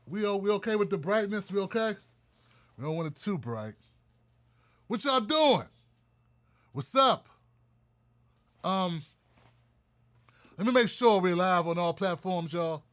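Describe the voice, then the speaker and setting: A man hosting his own live-stream talk show, chatting loosely and greeting viewers by name. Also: sits high. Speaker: host.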